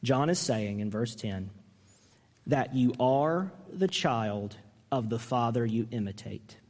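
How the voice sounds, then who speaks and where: A man preaching a sermon as pastor, earnest and emphatic, asking the listeners pointed questions and climbing high when he mimics a harsh reading. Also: lively intonation, slow, a little mellow, long reverb tail.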